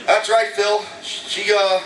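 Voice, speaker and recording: High-voiced male comedian in an echoey club. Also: level tone, slow, far from the mic, noisy background. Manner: casual, chatty, banters with the audience. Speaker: stand-up comedian. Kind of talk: stand-up comedy set. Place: comedy club stage before a live audience. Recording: echoey club recorded from afar.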